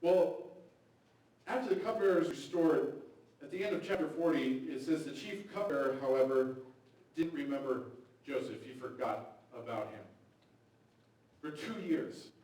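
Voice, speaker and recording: A man's voice: fairly high pitch, normal speed, long pauses, a little mellow. A man preaching a sermon in a church, talking in a loose, conversational way and acting out quotes from the story. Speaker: pastor. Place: church sanctuary. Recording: very echoey hall, mic far off.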